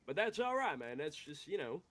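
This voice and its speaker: Guy playing a touchy young outlaw, kinda high voice, rambling and cussing, faint hiss. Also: big pitch swings, fairly quick, a bit bright. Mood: heated. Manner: rambling, heated, swearing, restarting words. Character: hot-headed young Western outlaw, defensive and rough. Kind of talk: Western role-play.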